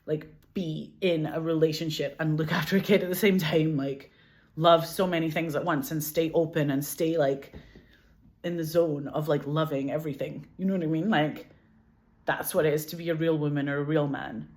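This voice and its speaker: A woman with a Glasgow Scottish accent, chatting casually as an interview guest, animated, laughing often, swearing and saying "like" a lot. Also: sits low, normal speed. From Scotland. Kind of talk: casual chat.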